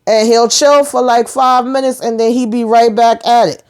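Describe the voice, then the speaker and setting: A woman's voice: fairly high pitch, little pitch movement, moderate pace, a little mellow, clear, resonant tone. A woman casually recapping a TV episode, retelling scenes with quoted dialogue. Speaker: TV recap host.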